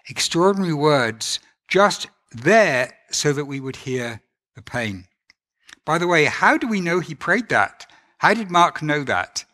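A man delivering a sermon in a slightly higher-pitched voice. His manner is earnest and reflective as he reads scripture aloud and stops to dwell on the words. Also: sing-song, a little slow, sharp tone. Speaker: preacher.

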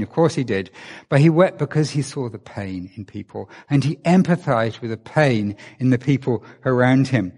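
A man from England, preaching a conversational sermon and asking his listeners many rhetorical questions. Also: fairly high pitch. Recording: long reverb of a large hall.

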